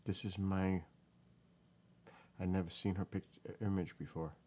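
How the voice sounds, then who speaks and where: A man's voice: sits low, a little slow. A man vlogging casually and emotionally, muttering and exclaiming as he reads. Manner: emotional, excited, muttering while reading. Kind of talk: casual vlog, researching family tree.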